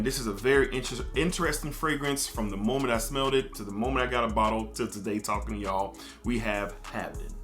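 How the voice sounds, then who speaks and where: Guy chatting about colognes, laid back, lots of uh and um, faint music behind. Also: mid-range voice. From United States. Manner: relaxed, storytelling, frequent fillers. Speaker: fragrance reviewer. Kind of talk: casual review talk to camera.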